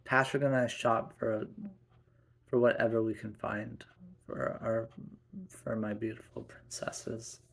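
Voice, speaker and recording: A man narrating a first-person family story in a halting way, with many restarts. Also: lowish voice, level tone, gravelly, a bit bright.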